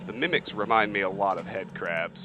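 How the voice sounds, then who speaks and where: Deep-voiced, wry game streamer man. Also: a little fast, dull audio. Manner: wry, joking, chatty. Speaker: let's play host. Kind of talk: casual gameplay commentary. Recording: steady background hiss.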